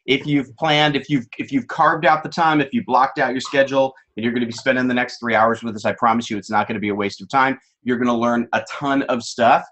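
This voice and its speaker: A man's voice: mid-range voice, fairly even intonation, a little fast, hardly any pauses, a bit bright. A man co-hosting a webinar masterclass, speaking eagerly with fillers and restarts. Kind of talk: enthusiastic presenting.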